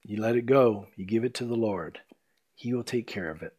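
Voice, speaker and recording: A man preaching a sermon as pastor, earnest, swinging between loud emphasis and hushed, soft passages. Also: on the low side, normal speed, breathy edge.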